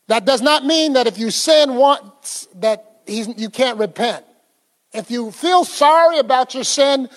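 A man's voice: very high-pitched, big-room sound. A man preaching a sermon in a conversational way, quizzing the congregation and laughing often. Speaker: pastor.

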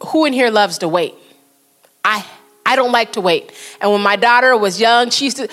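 A woman preaching with earnest conviction, her voice sitting a bit high, and she slows down to read quotes. Faint instrumental music plays underneath her words. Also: a bit bright. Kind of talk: sermon.

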